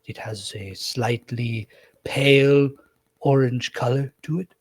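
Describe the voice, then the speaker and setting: A man voicing a timid old man who speaks in a soft, hesitant and formal way with a husky, breathy voice. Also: mid-range voice, steady tone, slow pace. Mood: wary. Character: timid, worried old man named Salim.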